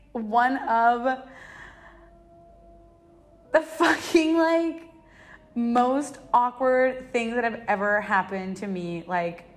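Rambling young woman host, confessional. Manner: rambling, heavy use of filler words; emotional, swearing, rising to high exclaims. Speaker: podcast host. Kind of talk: personal confessional talk.

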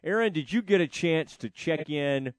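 A man's voice: a little high, lively intonation, moderate pace, no echo, clean studio sound. A man hosting a casual sports talk show, rambling with frequent fillers and restarts. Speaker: sports radio host.

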